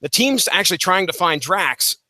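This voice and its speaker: A man with a very bright, sharp voice hosts a comics podcast in a relaxed, casual way. He sounds dry and close, with no room sound, and his pitch sits a little high. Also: normal speed, no room sound. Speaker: podcast host.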